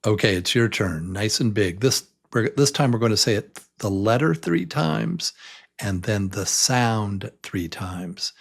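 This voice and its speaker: A man's voice: on the low side, lively intonation, unhurried, creaky. A man teaching a beginner English pronunciation lesson, patiently repeating each letter sound and inviting the listener to try.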